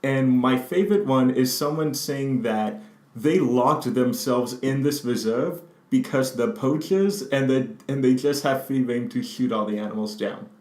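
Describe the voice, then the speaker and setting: A man's voice: medium pitch, unhurried, darkish tone. Joking man chatting in an echoey room. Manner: laughs often, joking. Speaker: news show co-host. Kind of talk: casual news chat. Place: indoors, not ideal spot.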